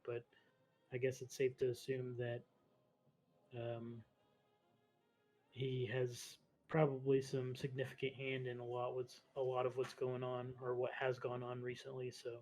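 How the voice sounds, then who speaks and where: Flat-voiced male player, faint music behind. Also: medium pitch. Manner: flat, hesitant, with "um". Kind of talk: tabletop game role-play.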